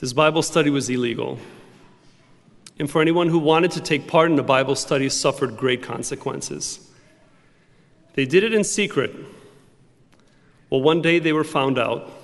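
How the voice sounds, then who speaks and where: A man's voice: on the high side, a bit bright, long reverb tail. A man preaching a sermon in an emphatic, repetitive cadence. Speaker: pastor.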